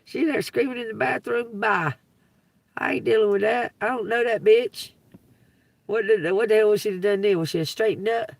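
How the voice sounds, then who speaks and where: A woman tells rambling, profane stories on a livestream, laughing often and breaking into loud outbursts. Her voice sits high and has a gravelly rasp. The sound is dry and picked up from a little distance. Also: normal speed, dry recording. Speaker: livestream host. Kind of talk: casual livestream storytelling. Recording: dry, from away from the mic.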